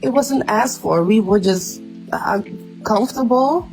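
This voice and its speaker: Slow, creaky-voiced reluctant woman. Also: a little high, darkish tone, faint music behind, poor audio. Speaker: interview guest. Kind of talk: hesitant answers in an interview.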